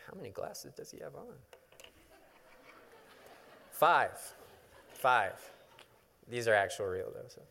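Casting: male preacher, mid pitch, relaxed conversational storytelling, long hall reverb. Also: slow pace, vocal fry, long pauses, slight background noise. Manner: casual, conversational storytelling with humor. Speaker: pastor. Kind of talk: sermon.

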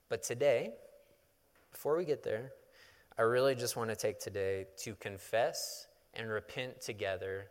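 Pastor, male, earnest measured sermon delivery, long reverb of a big hall. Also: fairly low pitch.

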